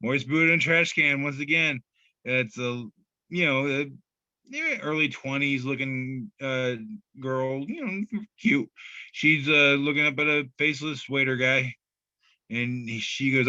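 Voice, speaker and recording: A man's voice: medium pitch, a little slow, pushed and bright, no echo, dull audio. A man co-hosting a casual podcast, reading memes aloud with loose, profane humor and frequent laughter. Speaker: podcast co-host.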